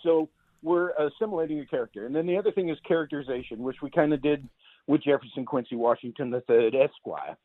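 A man's voice: on the high side, fast talker, no room sound. A male voice actor chatting as an interview guest, rambling with lots of fillers and restarts. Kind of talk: casual interview chat. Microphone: phone. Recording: tinny phone line.

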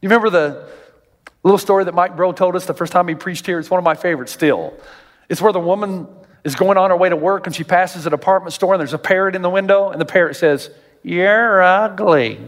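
A male pastor delivers a sermon in a high, lively voice, breaking into jokes and climbing sharply in pitch when he quotes people. The sound carries a long reverb, as though he is in a large hall. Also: fast. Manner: animated, jokey, rises high and loud in quoted voices.

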